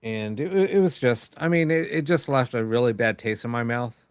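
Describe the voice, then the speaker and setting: A man chatting as a show host, telling a story in a loose, rambling way, full of "um"s and retold dialogue. His voice sits at an ordinary middle pitch and sounds dry and close, with no room echo. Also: normal speed, clear, resonant tone. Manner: rambling, with many fillers and quoted dialogue. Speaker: host of a live paranormal show. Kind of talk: casual storytelling chat.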